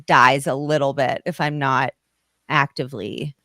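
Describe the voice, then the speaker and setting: A woman hosting a podcast from home, chatting casually and quickly with frequent laughter. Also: a bass voice, fairly even intonation, bright, forceful tone, no room sound. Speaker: podcast host. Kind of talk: casual interview chat. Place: home in Colorado.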